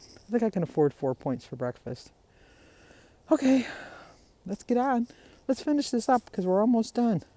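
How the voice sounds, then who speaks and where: A woman's voice: on the high side, big pitch swings, normal speed, pauses often, dark tone. A woman vlogger talking casually to her viewers in a rambling, chatty way. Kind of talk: casual vlog chat.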